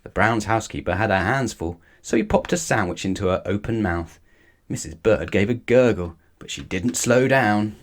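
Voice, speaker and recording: A man reading a children's storybook aloud with lively, expressive narration. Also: lowish voice, normal speed. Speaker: storybook reader.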